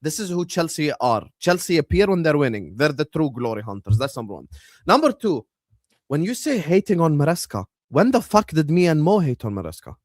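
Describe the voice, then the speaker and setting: A man's voice: fairly high pitch, big pitch swings, a little fast, no room sound, clean studio sound. Combative, ranting male co-host. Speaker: podcast co-host. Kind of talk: heated football banter.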